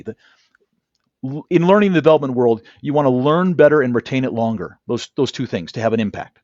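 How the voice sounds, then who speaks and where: A man's voice: medium pitch, moderate pace, no echo, highs cut off. A man, a negotiation trainer, telling stories in an interview over a video call and acting out quoted dialogue. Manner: animated, acts out quoted dialogue. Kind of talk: interview storytelling. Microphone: video call camera.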